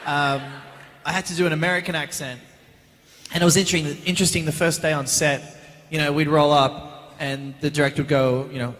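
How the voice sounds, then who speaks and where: Australian man, slightly high voice, hall reverb. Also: a little fast. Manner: lively, jokey, slips into other voices and accents. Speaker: actor guest on a convention panel. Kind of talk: casual Q&A storytelling. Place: large convention hall with an audience. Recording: long reverb of a big hall.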